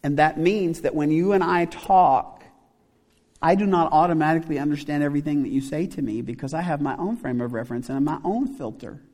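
Middle-aged male pastor, conversational sermon, rhetorical questions, slightly high voice, long church reverb. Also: a little mellow. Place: church sanctuary.

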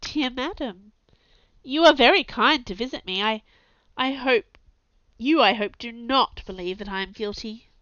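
A woman reading the lines of a gentle, resigned young man condemned to die, in a tender and earnest way. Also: a little high, a little slow, dry recording, dull audio. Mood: grateful, resigned.

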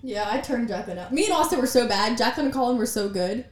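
A young woman chats with her mother for her vlog, tossing in quick, teasing remarks and laughing. Her fairly high voice bounces around an echoey room, with faint noise behind it. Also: animated. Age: young adult. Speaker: vlogger. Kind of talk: casual chat.

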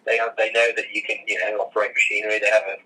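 A young man with a hoarse throat, chatting as a guest in an easygoing, rambling way with lots of fillers. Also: on the low side, little pitch movement, very fast, pushed and bright. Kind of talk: casual interview chat. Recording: voice from far off the mic.

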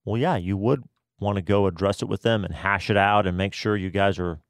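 Low-voiced guy on the radio, laid back, dry sound. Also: fairly quick, no room sound. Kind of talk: casual chat.

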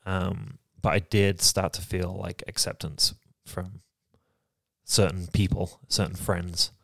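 This is a man from England with a very deep voice. He talks in a soft, reflective, halting way during a candid podcast chat. The sound is dry and close, with no room echo. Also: little pitch movement, vocal fry. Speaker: podcast co-host. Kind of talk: candid personal conversation.

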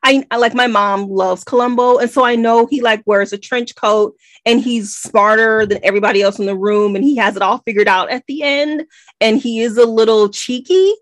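Chatty American woman, a touch high. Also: normal speed. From United States. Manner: animated, nitpicking, rambling asides. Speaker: podcast co-host. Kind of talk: casual book-club chat.

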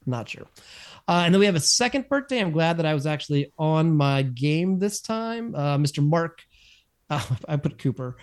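Expressive and on the high side, this man's voice moves at a normal pace as he co-hosts a podcast. He chats casually and rambles, correcting himself frequently between chuckles.

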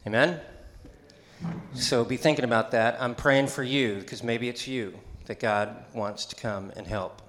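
A man's voice: mid-range voice, fairly even intonation, unhurried, fairly bright tone, roomy sound. A middle-aged man, a pastor, giving a conversational sermon in a church, chatty and joking, with asides and call-and-response to the congregation. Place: church sanctuary.

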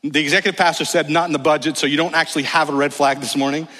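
A man preaching a sermon as pastor in a church, animated and emphatic, with wry humorous asides. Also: fairly high pitch, rapid-fire. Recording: long reverb of a large hall.

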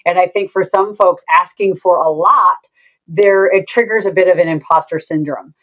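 Woman guest on a podcast, lowish voice. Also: fairly even intonation, moderate pace, a bit bright, rough recording. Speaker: sales consultant guest. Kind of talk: conversational interview.

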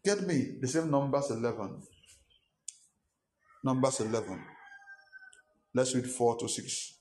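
A man's voice: medium pitch, expressive, unhurried, darkish tone. A pastor preaching a sermon, emphatic and repetitive, with rhetorical questions to his congregation.

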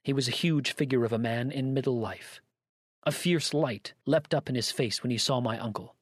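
A man narrating a story aloud in a measured, even reading voice. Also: medium pitch, no echo, studio quality. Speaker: audiobook narrator.

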